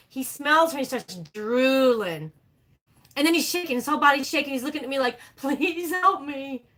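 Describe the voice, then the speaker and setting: A woman hosts a casual livestream and chats animatedly with her viewers. Her voice sits a little high and sounds bright and sharp. She talks freely and breaks into laughter often. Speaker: livestream host.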